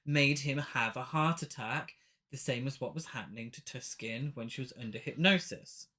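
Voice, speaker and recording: In casual podcast chat, a co-host discusses a film in a mid-range voice. Sentences frequently start over, and the humor is dry and deadpan.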